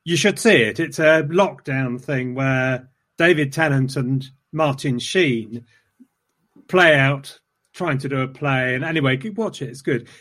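A man hosts a relaxed, casual conversation, rambling through anecdotes with self-deprecating asides. He talks a little slowly, and his pitch often leaps up and then drops back.

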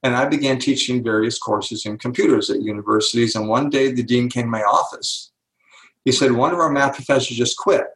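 An older man, an author and speaker, telling stories in an interview and slowing down to stress key words. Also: mid-range voice, a bit bright, echoey room, poor audio. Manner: slows down to stress key words, acts out quoted voices. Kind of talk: interview storytelling.

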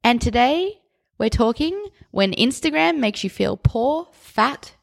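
Australian woman, podcast co-host, earnest, giggly, reflective, fairly high voice. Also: expressive, takes it slowly, creaky. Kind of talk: casual podcast chat.

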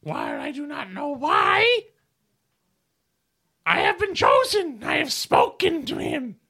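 A man's voice: wildly swooping pitch, takes it slowly, vocal fry, pushed and bright, heavily acted. A man voicing a proud little scaly creature leader who makes grand proclamations to his kin. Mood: grandiose. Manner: high booming proclamation.

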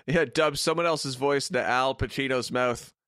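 A man's voice: medium pitch, a little slow, a bit bright, no room sound, studio quality. A man co-hosting a podcast in casual chat, blunt, opinionated and sweary. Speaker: podcast co-host.

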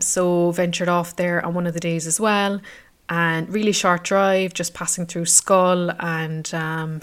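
Woman, about thirty, lowish voice, casual travel vlog, rambling, lots of fillers. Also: clear, resonant tone. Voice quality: chatty, rambling with many fillers. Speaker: travel vlogger.

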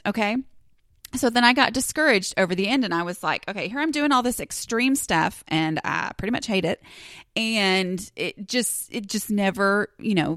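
A woman in her forties hosts her own podcast, chatting and confessing as she talks. She acts out her old thoughts with lively bursts. She is close to the mic in a very dry space with no room sound. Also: fairly low pitch, dry recording. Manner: chatty and confessional, slips into lively acted-out quotes. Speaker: podcast host. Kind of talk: casual solo podcast monologue.

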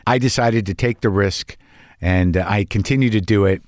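A middle-aged actor talking in a rambling, earnest way in a casual personal vlog, swearing now and then. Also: male voice, fairly low pitch, normal speed, no room sound, clean studio sound.

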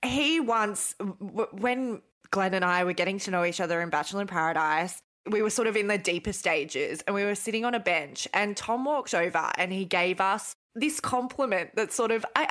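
A woman's voice: medium pitch, a bit bright. Chatty woman, earnest storyteller. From Australia. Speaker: podcast co-host. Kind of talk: casual chat.

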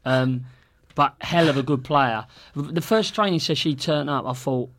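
A man's voice: medium pitch, moderate pace, a bit bright. Sweary laughing male storyteller. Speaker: podcast co-host. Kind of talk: casual chat.

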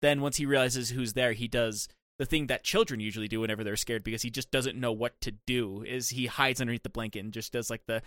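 Fast-talking young man, rambling chat. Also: mid-range voice, fairly even intonation, fairly bright tone, no echo, clean studio sound. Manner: rambling, many "like" fillers. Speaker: podcast co-host. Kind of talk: casual chat.

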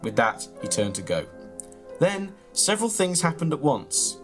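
A man reads out an absurd comic memoir in a deadpan, mock-earnest way. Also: fairly high pitch, moderate pace, soft background music. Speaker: comedy podcast host reading his own mock memoir. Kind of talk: deadpan comic reading of a story, then casual chat.

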